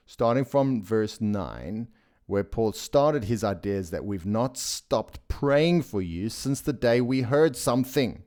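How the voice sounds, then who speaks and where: Slow-talking low-voiced bible teacher man. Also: lively intonation, a little mellow. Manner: unhurried, enthusiastic, with frequent restarts and fillers. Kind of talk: explaining a Greek sentence diagram.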